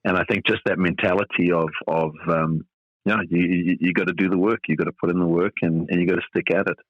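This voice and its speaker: A man's voice: sits low, steady tone, quick pace, dry recording, highs cut off. A middle-aged man from South Africa, a tennis coach being interviewed on a podcast, talking thoughtfully with many fillers and restarts.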